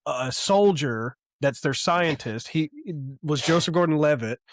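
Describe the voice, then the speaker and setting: A man's voice: a little high, measured pace, a little hiss or hum. A man co-hosting a podcast in casual chat. He rambles enthusiastically, swears a lot and fills gaps with "um" and "like". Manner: excitable, heavy swearing, rambling with fillers. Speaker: podcast co-host.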